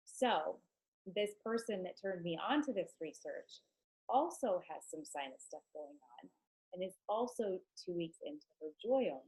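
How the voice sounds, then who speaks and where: A woman's voice: fairly low pitch, animated, a little slow, darkish tone, husky, low-quality recording. A chatty, enthusiastic woman with a stuffed-up nose, talking casually to her team on a live stream, with many ums.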